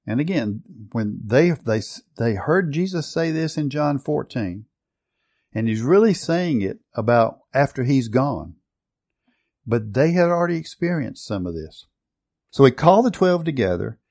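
A man preaching a sermon, emphatic, stretching out key words and often changing his loudness. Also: mid-range voice.

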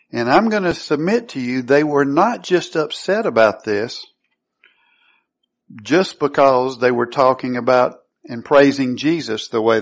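A man preaching a sermon who teaches through scripture, reading verses aloud and then asking his listeners questions he answers himself. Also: mid-range voice. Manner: asks the congregation rhetorical questions and answers them.

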